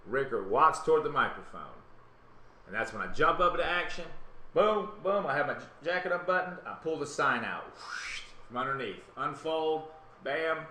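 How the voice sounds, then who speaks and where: A man with a Southern US accent hosting a live web talk show, telling a story in a casual, animated way and acting out other people's lines. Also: on the high side, normal speed. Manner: animated, acts out quotes in other voices. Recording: roomy webcam stream with faint hiss.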